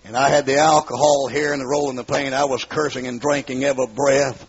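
A man's voice: mid-range voice, little pitch movement, fairly quick. A man preaching his life testimony in a storytelling manner, acting out the dialogue and rising into pleading cries, from the southern United States. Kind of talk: testimony sermon. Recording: muffled, husky lo-fi recording.

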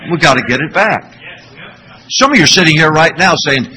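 A man's voice: a little high, lively intonation, brisk, noisy background. A man preaching a sermon in church, telling stories and asking the congregation rhetorical questions. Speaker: pastor.

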